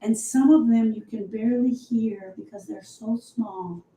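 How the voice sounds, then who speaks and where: A woman's voice: fairly high pitch, steady tone, unhurried, mellow, roomy sound, slight background noise, rough recording. A woman grief coach teaching on a live show, emphatic and repetitive, speaking straight to her listeners.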